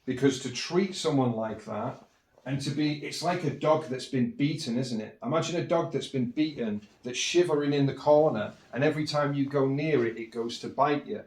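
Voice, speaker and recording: A man's voice: mid-range voice, normal speed, a little mellow. A man talking in a casual, reflective monologue as a podcast host, earnest and rambling, often restarting and saying "you know".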